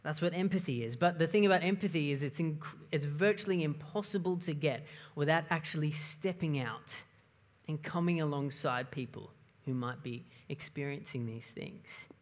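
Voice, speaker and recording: A pastor speaks in a steady, conversational sermon voice. The delivery reasons things through and keeps checking in with the listeners through questions. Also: medium pitch, normal speed. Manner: conversational, asks the audience questions.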